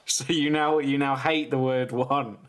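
A man's voice: mid-range voice, steady tone, measured pace. A man co-hosting a casual comedy chat, teasing and swearing through playful banter.

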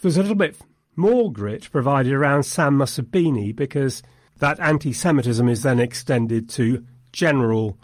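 A man's voice: mid-range voice, animated, moderate pace, a little mellow, dry recording. Thoughtful man discussing a film. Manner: thoughtful, analytical, with wry asides. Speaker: film podcast co-host.

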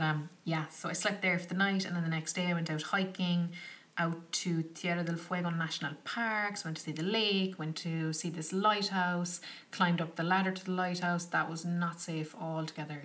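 A young woman telling a travel story to her viewers in a chatty, animated way, full of "like" and "do you know". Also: on the low side. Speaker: travel vlogger. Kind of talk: casual travel storytelling to camera. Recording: slightly distant from the mic.

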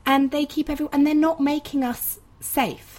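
A woman in her thirties hosting a conversation and telling a story with lively, emphatic outbursts. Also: high-pitched, moderate pace. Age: 30s. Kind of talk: conversational interview.

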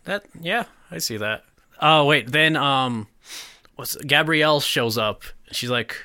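A man recapping a movie on a casual podcast, his voice very bright and crisp, swinging widely up and down in pitch as he acts out characters' lines. He sounds dry and close, with no room around him. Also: expressive, slow pace, dry recording. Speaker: podcast co-host.

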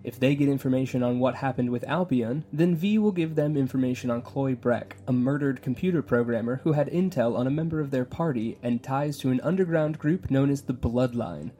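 Mellow-voiced male recap narrator. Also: medium pitch. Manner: steady, measured recap. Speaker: show narrator.

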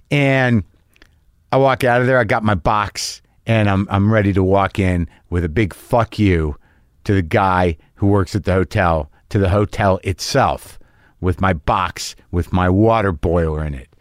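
A middle-aged comedian with a low-pitched voice tells a rambling, self-mocking stand-up story, swearing freely and acting out his own asides. The recording is clean studio sound with no echo.

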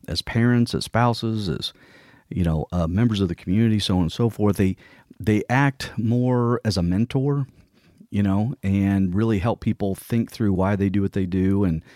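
A man's voice: fairly low pitch, dark tone, dry recording, studio quality. A man explaining workplace roles in an earnest, conversational way, now and then acting out what a colleague might say. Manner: earnest, explanatory, acts out quoted colleagues in passing.

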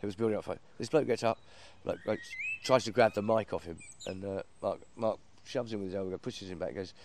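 A man telling an animated anecdote, acting out quotes and laughing as he goes. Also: fairly low pitch, fairly quick, few pauses, a little hiss or hum. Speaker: performer. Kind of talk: anecdote in casual chat.

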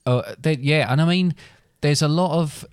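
A man's voice: on the high side, moderate pace, clean tone, no echo, clean studio sound. A middle-aged man, a father co-hosting a casual podcast chat, talkative and prone to laughing and trailing off. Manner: chatty, laughs often, trails off mid-sentence.

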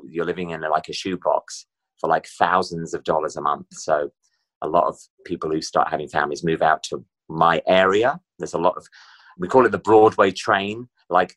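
A middle-aged man from Britain, telling stories as an interview guest. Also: sits low. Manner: chatty, animated storyteller. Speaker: guest performer. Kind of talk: casual interview chat.

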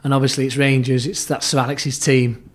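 A middle-aged man, a former football club therapist, tells stories as a podcast guest. He acts out quoted lines, often restarts his sentences and turns low and hushed at tense moments. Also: little pitch movement, brisk. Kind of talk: anecdotal storytelling in an interview.

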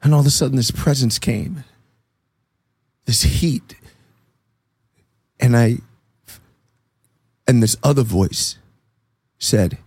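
Gravelly, earnest man telling his faith story. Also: mid-range voice, slow pace, pauses often, no room sound. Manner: earnest, animated storyteller acting out dialogue. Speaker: interview guest. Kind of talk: personal faith testimony.

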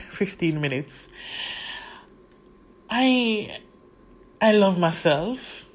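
A woman hosting a podcast, speaking earnestly and encouragingly to her listeners, slowing down on key words. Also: mid-range voice, animated. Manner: earnest, encouraging, slows down for emphasis. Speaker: podcast host. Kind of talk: motivational podcast talk.

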